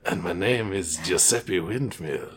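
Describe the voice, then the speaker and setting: A man voicing a calm, soothing character with a mock Eastern European accent, speaking slowly and low. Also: slightly rough, heavily acted. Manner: slow, low, deliberately soothing.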